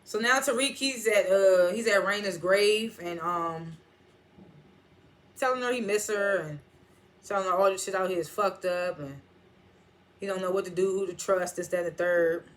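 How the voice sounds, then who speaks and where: Bright-voiced, animated TV recapper. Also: medium pitch, moderate pace. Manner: animated, loose retelling that quotes characters and laughs often. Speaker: TV episode reviewer. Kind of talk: casual recap of a TV episode.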